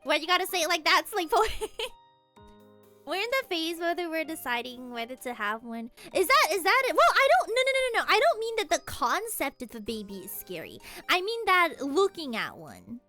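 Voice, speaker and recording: A woman's voice: very high-pitched, very animated, moderate pace, bright, forceful tone, soft background music. A young woman streamer in casual chat, giggly and rambling, often laughing at herself. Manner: giggly, rambling, self-deprecating.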